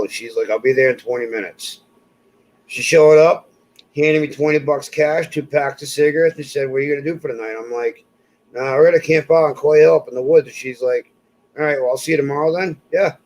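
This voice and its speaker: This man talks a little fast at a medium pitch, sharing personal stories in an animated, casual chat. He performs the voices of anyone he quotes, and the recording is rough.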